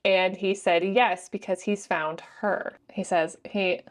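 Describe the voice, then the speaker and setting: A woman's voice: mid-range voice, steady tone, slow. Woman chatting about a book, super casual, lots of likes and fillers. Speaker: book reviewer.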